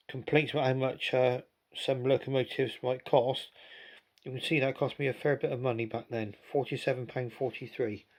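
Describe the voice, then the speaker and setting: Gravelly man in his sixties. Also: mid-range voice. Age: 60s. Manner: chatty and rambling, with gentle asides. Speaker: model railway vlogger. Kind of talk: casual hobby commentary. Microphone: phone.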